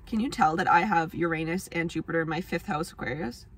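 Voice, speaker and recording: A woman's voice: fairly low pitch, fast talker, a bit bright, breathy edge. Rambling, self-mocking woman astrology vlogger. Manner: rambling, self-mocking, laughs often, swears casually. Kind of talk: casual astrology talk to camera.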